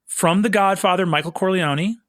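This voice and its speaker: A man guesting on a comedy podcast, telling an excitable story and acting out quotes as he goes. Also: high voice, normal speed, no room sound, studio quality. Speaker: guest, game master.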